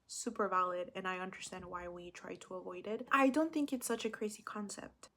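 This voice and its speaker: A young woman talks through her fears in an earnest, confessional way. Her voice sits mid-range, and she often sinks into a soft whisper before lifting again. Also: medium pitch. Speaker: podcast host. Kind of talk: reflective solo talk.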